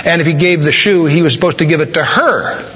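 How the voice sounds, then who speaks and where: Preacher guy telling a story then slowing way down to make his point, faint room noise. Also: fairly high pitch, a bit bright. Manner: storytelling, dramatic slowdowns for emphasis. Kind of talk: sermon with a told joke. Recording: dull, reverberant hall recording.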